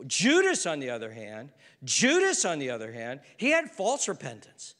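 A middle-aged man preaching a sermon as a pastor, swinging from loud exhortation to hushed intensity. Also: mid-range voice, huge pitch swings, a little fast, big-room sound.

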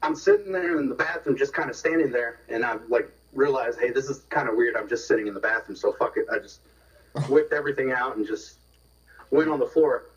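A man's voice: mid-range voice, sing-song, a little fast. A man casually telling a long rambling story, repeating words and swearing as he goes. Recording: distant, dull radio phone-in sound.

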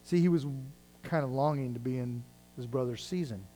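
Speaking a little fast in a mellow, medium-pitched voice, a male preacher reads scripture and retells it in everyday language, swelling and easing in intensity. The audio is poor, with slight background noise.

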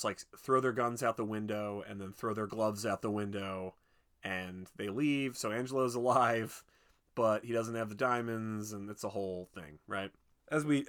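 A man's voice: on the low side, fairly bright tone. Rambling man recapping a movie. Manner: rambling, lots of "like" and restarts, acts out quotes. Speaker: podcast co-host recapping a film. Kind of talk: casual chat.

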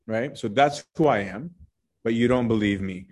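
A man's voice: medium pitch, moderate pace, breathy edge. A man leading an informal Bible study, explaining scripture in a conversational way with frequent "right?" asides and restarts.

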